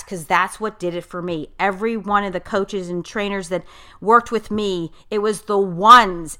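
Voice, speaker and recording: A woman's voice: mid-range voice, pushed and bright. A middle-aged woman life coach hosting a podcast interview, talking bluntly and effusively.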